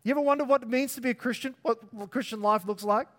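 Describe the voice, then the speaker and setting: A male pastor preaching a sermon in a conversational, animated way, with jokey asides. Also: very high voice, quick pace.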